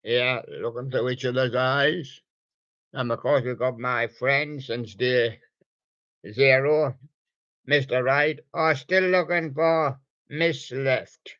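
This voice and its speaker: A man hosting a home online radio show talks slowly in a rambling, jokey way, fond of puns, as he shows off soft toys. His voice sits at a middling pitch. The recording is dry and dull, with a lo-fi home sound. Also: fairly even intonation, dry recording. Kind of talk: casual chat showing soft toys.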